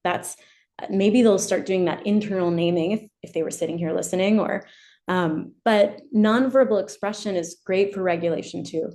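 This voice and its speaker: A woman educational therapist presenting a webinar, explaining gently and modeling example phrases. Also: mid-range voice, moderate pace.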